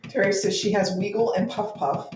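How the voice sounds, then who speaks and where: A woman's voice: medium pitch, steady tone, brisk, darkish tone, recorded from a distance. Dry-humored woman in an echoey room. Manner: dry, joking, reads comments aloud. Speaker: co-host reading viewer comments. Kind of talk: casual chat while crafting. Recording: echoey room with faint noise.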